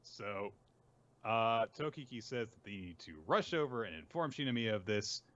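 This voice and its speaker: A man hosting a casual podcast, recapping comics with a relaxed, chatty manner, lots of fillers and laughs. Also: medium pitch, fairly quick, lo-fi sound. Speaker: podcast host. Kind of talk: casual chat recapping manga.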